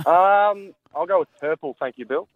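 An Australian man calling in to a radio quiz, answering with relaxed hesitation. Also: high-pitched, moderate pace, dry recording. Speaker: caller. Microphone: phone line. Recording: tinny phone line.

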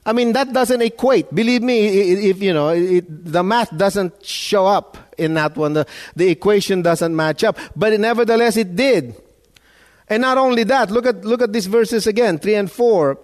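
A man's voice: sits high, moderate pace. Emphatic man preaching a sermon. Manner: emphatic, repeats words, rises and falls in loudness. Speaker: pastor.

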